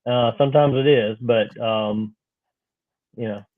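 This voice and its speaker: A man joining a casual sports stream as a guest, giving short, halting remarks. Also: mid-range voice, fairly even intonation, no echo. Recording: tinny phone-like line.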